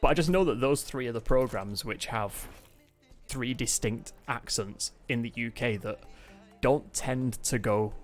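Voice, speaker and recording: A man's voice: mid-range voice, a little slow, faint music behind. A man with an accent between Manchester and Yorkshire, chatting casually to his live-stream audience from home and laughing often. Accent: mix of Manchester and Yorkshire. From England. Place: home, mid-move. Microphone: desk mic, camera on temporary tripod.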